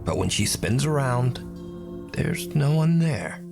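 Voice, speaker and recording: A man's voice: mid-range voice, very animated, takes it slowly, creaky, exaggerated voice. A man giving dramatic, suspenseful scripted narration for a paranormal video. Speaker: documentary narrator. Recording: narration over loud music.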